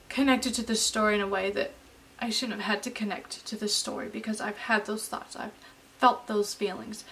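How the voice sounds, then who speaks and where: A woman in her late twenties talking earnestly in a personal vlog, halting and heartfelt. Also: medium pitch, a bit bright, distant mic, low-quality recording. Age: late 20s. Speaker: vlogger.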